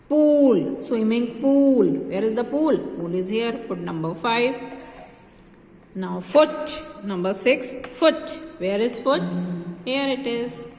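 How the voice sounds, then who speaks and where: A woman, a kindergarten teacher, slowly repeating phonics words for young children. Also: a little high. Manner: slow, drawn-out word repetition, stretching vowels. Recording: echoey room with long reverb.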